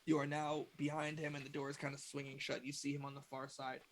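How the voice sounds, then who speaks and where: Gravelly-voiced male game master. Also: mid-range voice, fast, heavy background noise. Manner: descriptive, relaxed, with fillers. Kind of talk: narrating a tabletop game.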